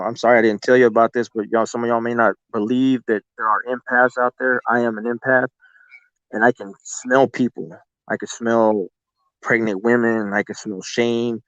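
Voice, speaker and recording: A man's voice: on the low side, no room sound. Guy rambling through a story, swears a lot, dry close sound, kinda dull lo-fi audio. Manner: profane, rambling, with restarts. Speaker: guest telling encounter stories. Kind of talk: casual storytelling.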